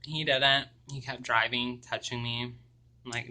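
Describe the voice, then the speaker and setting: A young man speaks slowly and haltingly, pausing often and filling the gaps with ums as he recounts something personal to camera. His voice is strikingly bright and crisp, sitting at an ordinary middle pitch. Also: steady tone. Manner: halting and hesitant, with many ums. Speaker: vlogger.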